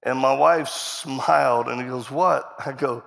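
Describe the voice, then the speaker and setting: Guest-speaking at a church sermon, a man tells a joke-laden, self-deprecating story from the stage to a congregation, voicing the people he quotes. His mid-range voice is a bit bright with vocal fry and a measured pace; long hall reverb and a little hiss or hum come through.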